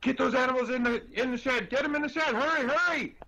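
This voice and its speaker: Brief: frantic rustic dwarf barking orders, put on by a game master, high and bright. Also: male voice. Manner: shouting, hurried, rustic. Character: urgent auburn-haired dwarf man, hollering.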